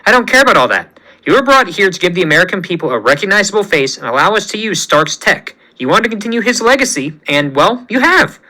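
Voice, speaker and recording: A man's voice: high-pitched, sing-song, fast talker, pushed and bright, exaggerated voice, poor audio. A man doing a dismissive, callous female official. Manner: dismissive, offhand.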